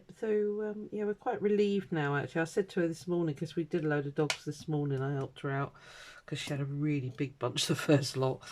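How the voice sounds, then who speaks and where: Deep-voiced with a darkish tone, a middle-aged woman speaking British English vlogs from her home craft desk. The talk is casual and rambling, full of ums and uhs.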